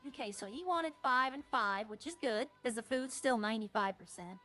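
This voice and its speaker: A woman's voice: a little high, brisk, sharp tone, faint music behind. A woman streaming a roleplay game, chatting casually and jokily to her viewers in a rambling way.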